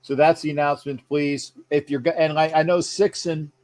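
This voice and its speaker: A rambling man hosting a live sports stream in a loose, chatty way. His voice sits a little on the high side, and he keeps breaking off to greet viewers and restart his sentences. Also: steady tone, normal speed, darkish tone. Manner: rambling, chatty, reads viewer comments aloud; frequent fillers and restarts. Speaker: sports show host. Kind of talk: casual live-stream chat.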